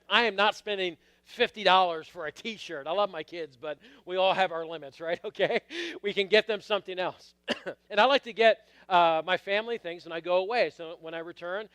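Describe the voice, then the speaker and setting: A man's voice: high voice, a bit bright, clean tone, dry recording. A middle-aged man preaching a sermon, telling a story with acted quotes and calling out to the congregation. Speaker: pastor.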